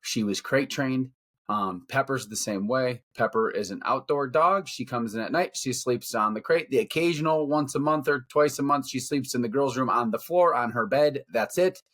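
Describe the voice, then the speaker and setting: A man's voice: medium pitch, normal speed, a bit bright. A middle-aged man co-hosting a podcast, ranting bluntly and profanely about his opinions in casual talk. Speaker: podcast co-host. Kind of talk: casual rant.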